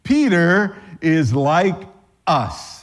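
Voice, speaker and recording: A man's voice: fairly high pitch, big pitch swings, extremely slow. A man pastor giving a sermon in a conversational way, with joking asides.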